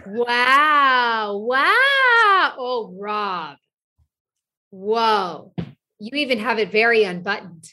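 A woman chatting casually as a podcast guest, telling stories in an animated, exclaiming way from a hotel room. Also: fairly high pitch, very slow. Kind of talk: casual chat.

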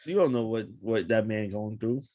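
A man's voice: fairly low pitch, normal speed, warm tone. A man co-hosting a casual podcast chat, wry and teasing, often musing hesitantly. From West Indian family. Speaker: podcast co-host.

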